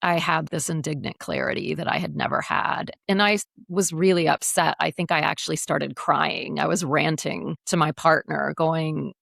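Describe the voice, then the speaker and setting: A woman in her forties, an educator speaking as a podcast guest, telling her story in a frank, animated, often profane way. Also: low-pitched, normal speed, gravelly, no room sound, studio quality. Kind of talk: candid casual interview.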